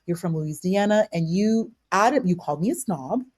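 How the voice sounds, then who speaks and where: A woman holds forth on a call-in panel, pressing her points with repeats and restarts. Her voice is warm and mellow, and the sound is dry and close. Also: lowish voice, lively intonation, moderate pace, dry recording. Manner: emphatic, repeats herself, restarts often. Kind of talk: casual panel debate.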